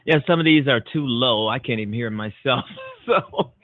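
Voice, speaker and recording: A man hosts a political talk radio show, hammering his points home with emphatic, repeated declarations. His voice sits at a middling pitch and comes through a narrow, tinny phone-like line. The sound is dry, with no room around it. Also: moderate pace, no echo. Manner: emphatic, repetitive, punchy declarations. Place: Chicago-based internet radio show.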